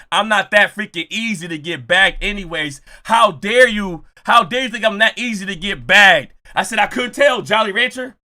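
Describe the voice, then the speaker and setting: A young man telling a story with jokes, acting out quotes and often shouting. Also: high-pitched. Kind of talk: animated storytelling.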